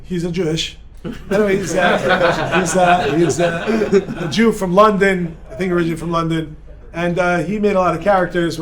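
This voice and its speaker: A rabbi with a high voice delivers an energetic, joking lecture at a seminar. He bounces between points and banters with the audience in the room. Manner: energetic, joking, talks with the crowd. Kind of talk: lively seminar talk to a live audience.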